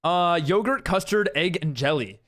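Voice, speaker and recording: While gaming live, this young man keeps up a chatty stream, reading out messages from his chat and responding. His voice is high-pitched, a bit bright, and animated, moving at a moderate pace.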